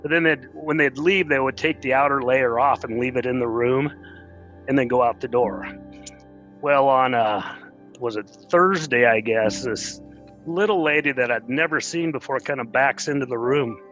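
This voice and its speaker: A middle-aged man, an interview guest, telling a personal story in an earnest, plainspoken way and pausing when moved. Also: medium pitch, a bit bright, lo-fi sound, faint music behind.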